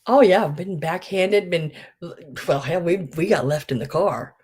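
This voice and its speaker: A woman's voice: lowish voice, normal speed, darkish tone, husky. A middle-aged woman, chatting casually on a live sale stream, gushing and trailing off with ums.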